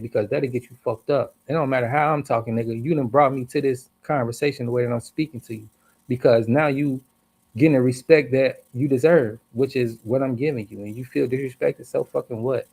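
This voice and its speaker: A man tells a story on a livestream as a heated, profane rant, hitting his words hard. His voice has a rough, gravelly edge and sits at a middle pitch. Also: brisk, darkish tone. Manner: angry, profane, emphatic.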